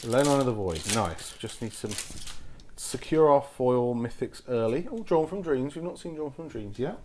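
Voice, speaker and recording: A man hosting a card-opening video, giving casual commentary and exclaiming excitedly at each pull. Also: medium pitch, moderate pace, a little hiss or hum. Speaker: host opening card packs.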